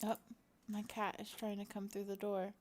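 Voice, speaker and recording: Working at her computer at home with her cat close by, this middle-aged content creator rambles to her viewers in a casual chat full of fillers, often talking to herself. She speaks at a moderate pace in a medium-pitched, monotone voice.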